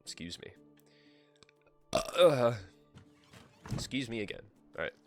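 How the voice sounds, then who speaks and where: A man's voice: mid-range voice, sing-song, takes it slowly, faint music behind. A man live-streaming a game, chatting casually with himself and swearing freely as he plays. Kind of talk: casual gameplay commentary.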